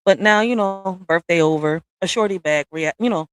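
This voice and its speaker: A woman's voice: lowish voice, moderate pace, clear, resonant tone, no echo. A woman hosting a live stream at home in a casual, blunt rant. She talks straight to her viewers with profanity and slangy asides. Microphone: streaming software setup.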